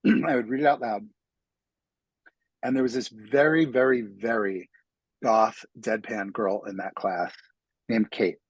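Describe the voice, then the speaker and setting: A New York City author, a man, appears as an interview guest and tells self-deprecating stories, restarting often in casual conversation. His mid-range voice has a breathy edge, and the recording is dry but poor in quality.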